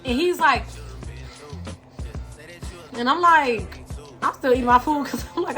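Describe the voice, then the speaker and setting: Animated high-voiced young woman vlogger. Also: normal speed, soft background music. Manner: animated, slangy, talks to viewers directly. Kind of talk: storytime vlog.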